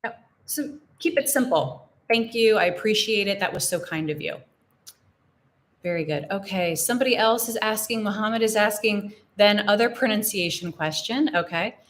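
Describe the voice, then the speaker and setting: A young American woman teaching English in a live Q&A, explaining phrases slowly and repeating examples. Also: mid-range voice. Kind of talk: live-stream Q&A lesson.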